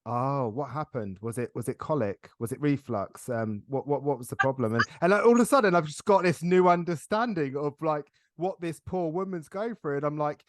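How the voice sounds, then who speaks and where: A middle-aged man hosting a casual interview podcast, chatty and quick to laugh as he tells stories. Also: fairly high pitch, lively intonation, no echo, studio quality. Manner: chatty, laughs often, storytelling. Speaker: podcast host.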